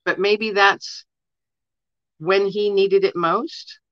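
Bright-voiced woman telling stories. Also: mid-range voice, steady tone, drawn-out words, no echo, highs cut off. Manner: earnest, leans on "you know", chuckles while telling stories. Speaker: interview guest. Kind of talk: casual storytelling.

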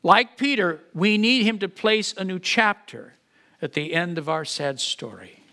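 Earnest bright-voiced male pastor preaching. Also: high voice, animated, a little slow. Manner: earnest, repeats words when building emphasis. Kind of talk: sermon with closing prayer.

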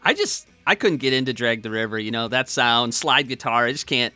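A man's voice: medium pitch, lively intonation, a little fast, pushed and bright, smooth, no room sound, faint music behind. A man hosting a casual interview, laid-back, laughing along and chiming in with short replies. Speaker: podcast host.

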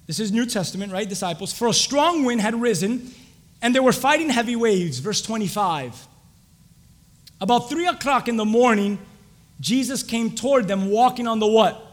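Man preaching, very high voice, fill-in-the-blank questions, builds to shouting. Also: long reverb tail. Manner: call-and-response questions, rising to shouts. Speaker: pastor. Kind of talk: sermon.

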